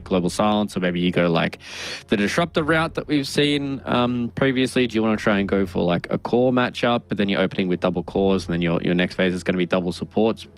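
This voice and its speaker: A man with a fairly low voice breaks down an esports draft as a caster. He thinks aloud, full of fillers and restarts, over faint background music. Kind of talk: esports draft analysis commentary.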